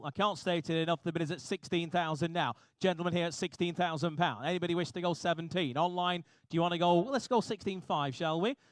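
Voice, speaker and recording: A man working as an auctioneer, calling bids briskly and repetitively with jokey asides to the room. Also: a little high, clean tone, dry recording. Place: auction hall.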